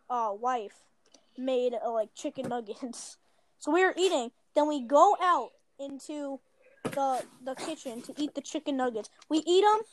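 High-voiced woman rambling through a story. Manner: chatty, rambling, lots of "like" fillers and self-corrections. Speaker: storyteller guest. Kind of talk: casual chat, rambling storytelling.

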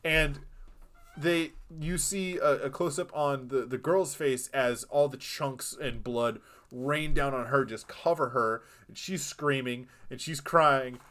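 A man co-hosting a film podcast, retelling scenes in a rambling, animated way with acted-out quotes. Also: medium pitch, slow pace. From lives in Boston. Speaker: podcast co-host. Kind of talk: casual film discussion.

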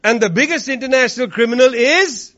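A man's voice: extremely high pitch, animated, fairly quick, pushed and bright. A man giving a political speech to a live audience in a room, sarcastic and emphatic, repeating lines for effect. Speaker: speaker at an activist event. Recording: dull lo-fi recording.

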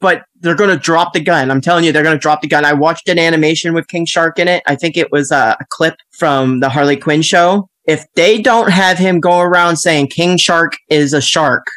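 A man hosting a podcast in casual chat, animated and laughing often as he acts out scenes. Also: fairly high pitch, normal speed, few pauses, no echo. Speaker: podcast host.

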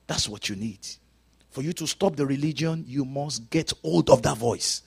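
A male preacher delivering a sermon in a church service, swinging from loud, rising exclamations down to hushed, whispered lines. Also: medium pitch, normal speed, gravelly, breathy edge. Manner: dramatic swings from shouting to quiet whispers.

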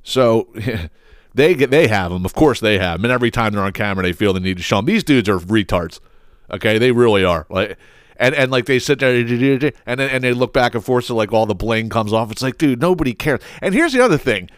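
Profane ranting podcast host, lively pitch. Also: male voice, brisk, clear, resonant tone, dry recording, studio quality. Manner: profane, blunt, exasperated.

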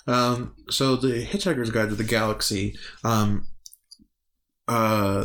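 A young man narrating a tabletop game as game master, halting and giggly. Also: lowish voice, fairly even intonation, fairly bright tone.

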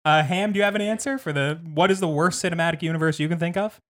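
A man's voice: fairly high pitch, quick pace. Host, male, playful, mock-dramatic script reader. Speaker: podcast host. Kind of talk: casual chat and scripted narration.

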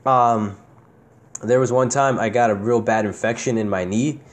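A man's voice: mid-range voice, moderate pace. Laughing, foul-mouthed young man telling stories. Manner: laughs often, swears freely, animated storytelling. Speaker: podcast host. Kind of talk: casual storytelling chat.

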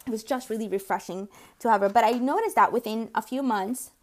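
A chatty podcast host and consultant in her forties speaks a little fast in a fairly high voice. Her casual storytelling monologue includes acting out quoted voices and casual swearing.

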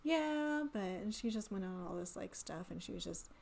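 A young woman co-hosting a casual podcast chat, talking fast and loose with lots of "like" fillers. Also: fairly low pitch, steady tone, creaky, a little mellow, slight background noise. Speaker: podcast co-host.

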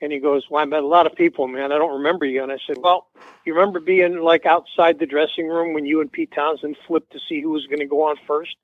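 This interview guest, a male musician, rambles through a casual anecdote and acts out what people said. His voice is on the high side with fairly even intonation and a quick pace, with no room sound, heard over a tinny, dry phone line.

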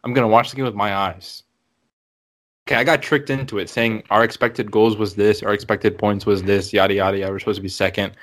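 A young man co-hosting a casual sports podcast, talking fast and excitably and exaggerating for effect. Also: on the low side. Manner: excitable, quick, exaggerating fan talk. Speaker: podcast co-host. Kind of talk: casual chat.

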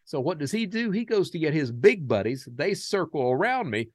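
An American man hosting a podcast, talking casually and candidly with many fillers, growing animated in his stories. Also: a little high, normal speed, dry recording, clean studio sound. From United States. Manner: animated when telling stories. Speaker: podcast host.

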